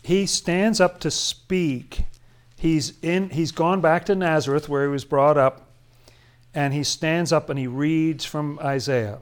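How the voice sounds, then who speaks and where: A man's voice: fairly high pitch, fairly even intonation, takes it slowly, smooth. A man leading a Bible study, commenting on scripture in a casual, chatty way with frequent chuckles and emphatic asides.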